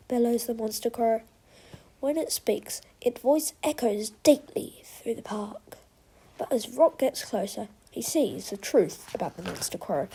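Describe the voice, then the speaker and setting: Woman storyteller, children's book, slow expressive reading, fairly high, husky. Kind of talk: children's storybook read-aloud.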